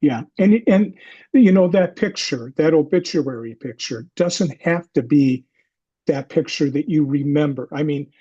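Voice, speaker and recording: A man's voice: on the high side, a little slow, mellow, breathy edge, dry recording, dull audio. An older man hosting an interview podcast, musing reflectively before asking his guest questions. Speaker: podcast host.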